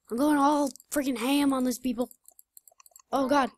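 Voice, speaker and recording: A young woman chatting casually while playing a game, excitable, blurting out reactions and laughing. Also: high-pitched, normal speed. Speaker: gamer. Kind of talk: casual gaming chat.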